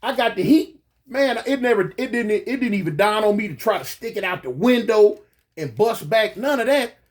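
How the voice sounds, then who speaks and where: La guy with a pretty high voice, telling his story, keeps restarting, makes bang noises. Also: normal speed. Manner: animated, repeats and restarts, mouths gunshot sounds. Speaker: guest recounting a shooting. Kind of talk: casual storytelling.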